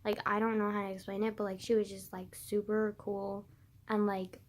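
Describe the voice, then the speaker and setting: A woman's voice: mid-range voice, flat delivery, moderate pace. A young woman telling a personal story in a casual vlog, rambling with constant "like" and casual swearing.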